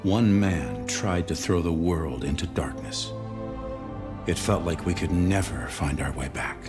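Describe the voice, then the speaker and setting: A man voicing a solemn corporate spokesman in a video game cutscene, speaking in measured, grave scripted narration. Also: low-pitched. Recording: loud music under voice. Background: loud score music.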